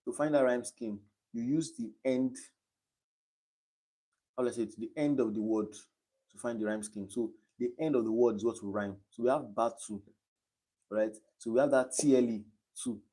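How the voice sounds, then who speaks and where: A man's voice: medium pitch, steady tone, normal speed, warm tone. A young Nigerian man tutoring exam questions on a live stream, explaining step by step and repeating key points. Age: young adult.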